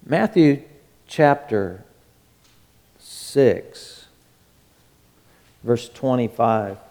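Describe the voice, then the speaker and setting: Male preacher, fervent, unhurried delivery, lingering reverb of a large room. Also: medium pitch, lively intonation. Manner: fervent, swings from loud urging to soft hush. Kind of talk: sermon.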